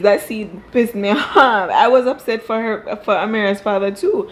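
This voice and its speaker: A woman's voice: mid-range voice, moderate pace, rough recording. Exasperated woman vlogger. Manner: exasperated, rhetorical questions. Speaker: reality TV reviewer. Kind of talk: casual reaction review. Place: home room.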